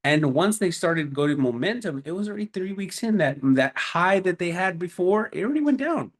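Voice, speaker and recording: A man giving a casual, energetic motivational talk as a business coach, telling stories with emphatic punches. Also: normal speed. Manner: energetic, animated storyteller with emphatic "boom".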